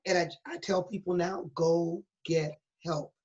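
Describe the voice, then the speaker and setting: An unhurried middle-aged woman pastor with a low, steady, darkish voice gives her personal testimony as an interview guest. She speaks candidly and earnestly with a preacher's emphasis, heard through a dull lo-fi recording.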